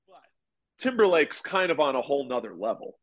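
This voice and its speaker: A man in his forties, a former ballplayer, telling stories in a relaxed, rambling way during an interview. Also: medium pitch, brisk. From United States. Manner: relaxed, rambling, many restarts. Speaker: podcast guest, former pitcher and golfer. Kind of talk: casual interview storytelling.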